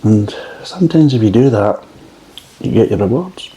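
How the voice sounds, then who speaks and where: A man's voice: on the low side, animated, normal speed, warm tone, slight background noise. A man reviewing beer in a casual, rambling way, swearing freely and drifting off into tangents. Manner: rambling, profane, digressive.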